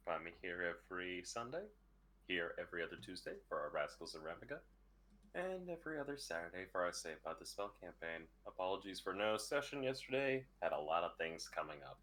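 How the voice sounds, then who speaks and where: A man player giving his sign-off in a relaxed, slightly tired way. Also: low voice, a little fast. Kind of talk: casual stream outro.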